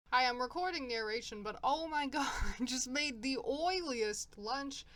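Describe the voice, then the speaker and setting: A woman's voice: sits high, expressive, a little slow, fairly bright tone. A woman narrating a casual crafting vlog at home, chatty and self-mocking, often breaking into laughter. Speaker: crafting vlogger. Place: home apartment.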